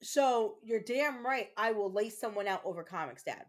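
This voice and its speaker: A woman streamer and mother rants angrily to her chat as she plays, cursing and repeating herself. Her mid-range voice is expressive, and her pace is moderate.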